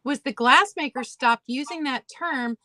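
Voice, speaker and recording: Bright high-voiced woman chiming in. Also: measured pace. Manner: chiming in with questions and corrections. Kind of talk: casual livestream chat.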